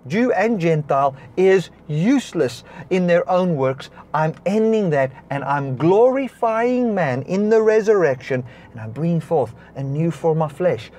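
A man preaching a sermon, stopping now and then to correct himself and clear his throat. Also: a little high. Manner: preaching with swings between soft and raised passages. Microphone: device recording a broadcast, battery powered.

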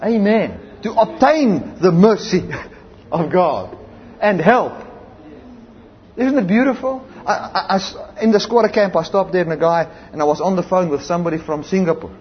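Preaching with a South African accent, a man tells emphatic stories and punctuates them with amen and hallelujah. His voice is high-pitched and animated, moving at a normal speed. Faint noise sits under a somewhat dull, lo-fi recording.

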